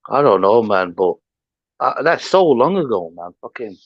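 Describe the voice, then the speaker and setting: Man, livestream host, combative slangy ranter, middle pitch, dull lo-fi sound. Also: very animated, normal speed, no echo. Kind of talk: heated casual livestream rant. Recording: dull lo-fi stream audio.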